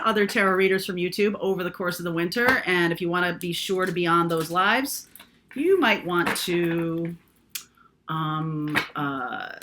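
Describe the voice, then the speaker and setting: A woman's voice: mid-range voice, noisy background. A woman doing a casual, chatty tarot reading, thinking aloud with lots of fillers. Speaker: tarot reader.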